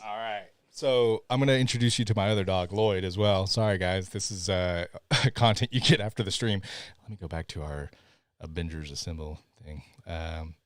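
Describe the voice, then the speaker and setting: A man's voice: sits low, moderate pace, no room sound, studio quality. A man co-hosting a live podcast stream, chatting casually with plenty of laughter. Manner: playful, laughs often, talks to his dogs. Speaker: podcast co-host.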